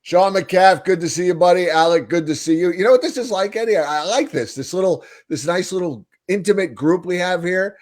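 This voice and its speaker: A hoarse man with a New York accent co-hosting a casual fan podcast, telling stories in an animated way. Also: sits high, brisk, hardly any pauses. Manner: animated storyteller, hoarse from yelling. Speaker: podcast co-host. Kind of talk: casual hockey fan chat.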